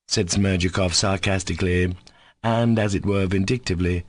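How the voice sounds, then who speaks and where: A man narrating a classic novel as an audiobook in a measured, even reading. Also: deep voice, no echo.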